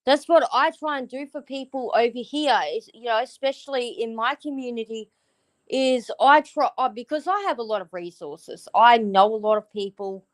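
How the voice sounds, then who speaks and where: A woman's voice: fairly high pitch, moderate pace, dry recording, poor audio. A woman with an Australian accent chatting casually on a livestream, frank and rambling, swearing freely.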